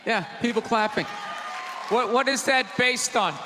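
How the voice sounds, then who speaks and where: A man doing a stand-up routine in a large theater, ranting loudly and mocking people in put-on voices. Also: very high voice, unhurried. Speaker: stand-up comedian. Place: large theater with live audience. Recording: live theater recording, hall reverb, audience noise. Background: audience laughter and crowd.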